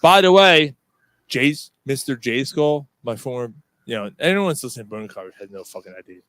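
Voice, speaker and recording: A man's voice: medium pitch, animated, fairly quick, a bit bright, dry recording. A man hosting a podcast, telling a rowdy story in casual chat, swearing constantly and laughing as he goes. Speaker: podcast host.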